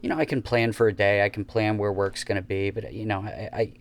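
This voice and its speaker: Reflective low-voiced man. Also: level tone, a little fast. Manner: reflective, corrects himself. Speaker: podcast co-host. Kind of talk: casual recovery talk.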